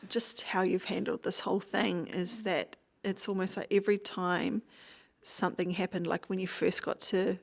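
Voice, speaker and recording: A woman hosts an interview podcast and answers her guest with empathy. Her voice is gravelly, at a middle pitch. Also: steady tone, normal speed. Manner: empathetic listener, short affirmations. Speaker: podcast host.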